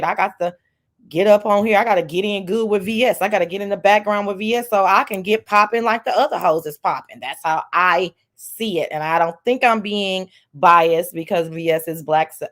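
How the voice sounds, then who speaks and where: A woman hosting a livestream, giving profane, animated commentary, reading viewer messages. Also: on the low side. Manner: animated, profane, reads chat aloud. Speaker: livestream host. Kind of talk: casual commentary chat.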